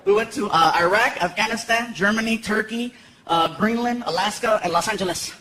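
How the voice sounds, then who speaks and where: A man doing stand-up comedy storytelling on stage, acting out characters in animated voices. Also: a little fast. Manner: animated, acts out characters with high squeaky voices. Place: large theater stage before a laughing audience. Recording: echoey live venue, loud crowd laughter.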